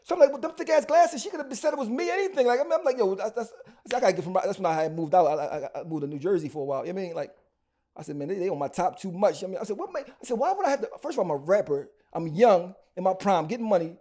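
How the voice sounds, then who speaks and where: A man from Philadelphia with a Philly accent, telling his story as a rapper guest in an interview in slangy, animated bursts full of restarts. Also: high-pitched, racing.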